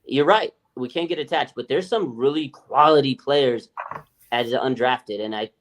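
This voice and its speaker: A man co-hosting a podcast, chatting in a lively, casual way, swearing freely and acting out other people's voices. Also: medium pitch, moderate pace. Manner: animated, swears freely, acts out quoted voices. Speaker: podcast co-host. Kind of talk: casual sports chat.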